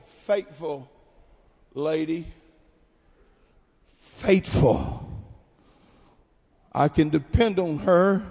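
A man preaches a camp meeting sermon in a high voice. He tells a story about his congregation in a quiet, conversational way. The sound carries the long reverb of a large hall. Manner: builds to shouted preaching, then drops to quiet storytelling. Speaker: pastor.

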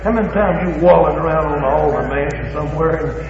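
A man preaches a Pentecostal sermon with fervent emphasis, acting out bits of dialogue in a church or revival hall. His voice runs on the high side, and his pace is brisk. Crowd noise can be heard, and the recording is echoey, dull, and lo-fi.

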